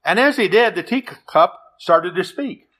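A man preaching a sermon in an earnest, measured way. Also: high voice, expressive, a bit bright. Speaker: pastor.

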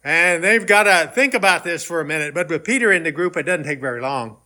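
A man's voice: a little high, expressive, a little fast, sharp tone. A man preaching a sermon in a conversational way, rising into emphatic questions. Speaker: pastor.

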